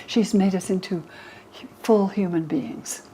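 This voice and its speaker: An older woman scholar explaining old texts to an interviewer, lively, acting out the quoted speakers in higher voices. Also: a little slow, slight background noise, low-quality recording. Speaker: religion scholar and guest.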